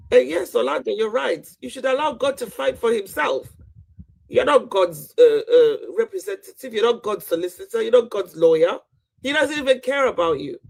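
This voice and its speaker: A man's voice: high voice, vocal fry, husky. A man hosting a live online debate panel, arguing emphatically and pressing his points with repeated "right?". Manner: preachy, emphatic, keeps asking "right?". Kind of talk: heated debate on a live stream.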